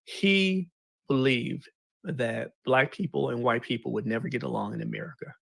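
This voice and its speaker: A man casually explaining history in an animated, slangy way, retelling events with paraphrased quotes. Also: medium pitch, normal speed, vocal fry, breathy edge, no echo.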